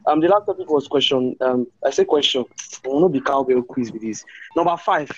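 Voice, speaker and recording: A man's voice: mid-range voice, fairly quick, breathy edge, dull audio. A man hosting a comedy panel, repeating himself as he sets up the next topic. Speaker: host.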